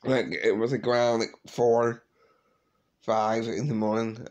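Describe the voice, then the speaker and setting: A man hosting his own paranormal vlog, talking haltingly and emotionally, often repeating and restarting his words. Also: mid-range voice, level tone, darkish tone. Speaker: vlog host.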